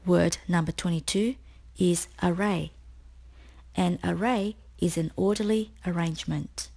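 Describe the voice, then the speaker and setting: Woman, spelling tutor, slow deliberate delivery, gravelly lowish voice. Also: fairly even intonation, mellow. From Australia. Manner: slow, clear, deliberate explanations. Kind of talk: scripted spelling lesson.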